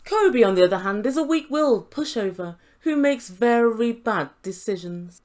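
Woman, fairly high voice, sarcastic reality TV recap, teasing and mocking. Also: lively intonation, normal speed, few pauses, a little mellow. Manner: sassy and mocking, laughs often. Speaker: YouTube reality TV reviewer.

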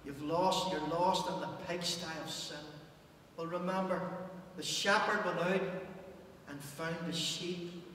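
A male pastor preaching a passionate sermon in a church, surging loud and then falling almost to a hush. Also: sits high, steady tone, measured pace. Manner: impassioned preaching, rising and dropping to near hush. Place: church hall. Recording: echoey church hall, distant mic, faint hum.

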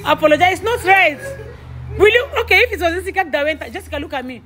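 A woman with a very high, bright voice plays a mother sorting out a quarrel in a family comedy skit. She scolds, repeats herself and keeps breaking into laughter. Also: lively intonation, very fast, faint music behind.

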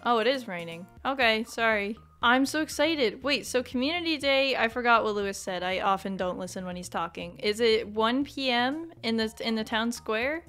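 A young woman hosting a let's play, chatting bubbly and excitable, bursting into squeals. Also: a little high, moderate pace, hardly any pauses, soft background music. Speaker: gaming channel host.

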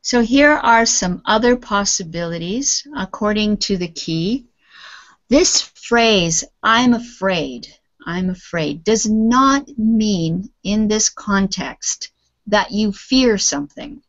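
Over a video call, a woman with a medium-pitched voice teaches an English lesson at a slow pace, patiently explaining words and modelling pronunciation. Her computer mic gives the audio a dull, lo-fi call quality.

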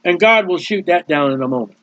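A man's voice: sits high, expressive, brisk, fairly bright tone, no room sound. A man preaching a sermon, explaining scripture plainly and reading out the verses in turn. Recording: dull dry lo-fi recording.

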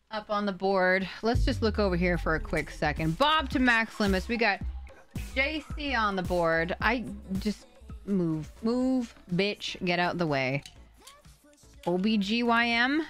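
A young adult woman live-streaming, chatting excitedly with her viewers, thanking donors, swearing and laughing. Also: medium pitch. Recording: faint music behind.

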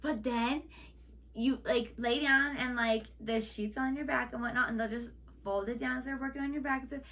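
A woman's voice: fairly high pitch, steady tone, normal speed, a bit bright. A woman co-hosting a reaction video, chatting casually with lots of filler words. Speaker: reaction channel co-host. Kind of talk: casual chat.

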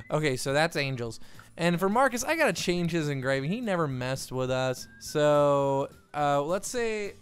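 A young man giving excitable, rambling let's-play commentary with frequent laughter. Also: on the high side. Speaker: gaming YouTuber.

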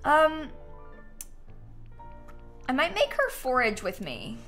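A woman's voice: sits high, huge pitch swings, slow pace, fairly bright tone, faint music behind. A young woman streaming a video game live, chatting casually and reading quest text aloud. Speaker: gaming streamer.

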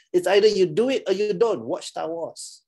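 A man's voice: sits high, animated, a little slow, darkish tone, husky. A middle-aged man with a Malaysian English accent, giving a playful, teasing classroom talk and laughing often. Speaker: lecturer.

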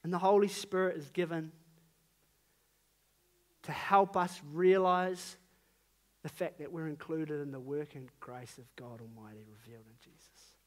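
A man's voice: a little high, fairly even intonation, a little slow, long pauses. A man in his thirties with a New Zealand accent, preaching a sermon in an earnest, conversational way with emphatic rises on key phrases.

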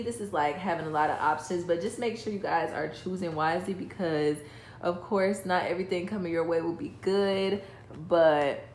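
Talking straight to viewers, a tarot reader chats enthusiastically through a casual reading in a low, darkish voice. She's heard only in voice-over, face not shown, in an echoey room where something clicks.

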